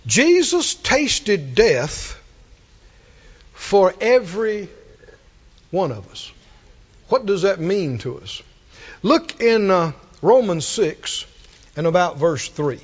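A man preaching a sermon, drawing out his words and building to emphatic shouted refrains. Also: high voice, sing-song, slow, pauses often, husky, muffled recording.

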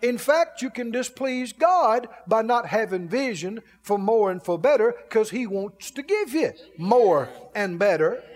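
A man's voice: high voice, a little mellow, long reverb tail. A man preaching a sermon in a folksy way, laughing as he acts out grumbling complaints.

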